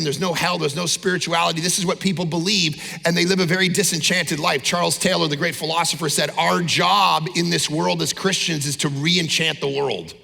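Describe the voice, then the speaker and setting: A middle-aged man preaching a sermon from a church stage. He is emphatic and blunt, swinging between loud exhortation and low, intense asides. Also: creaky. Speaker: pastor. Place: large church auditorium. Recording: long church-hall reverb.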